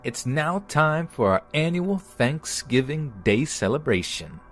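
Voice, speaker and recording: A man doing an eccentric old dad with a high comical voice. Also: very animated, a little slow, a bit bright, faint music behind. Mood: cheerful.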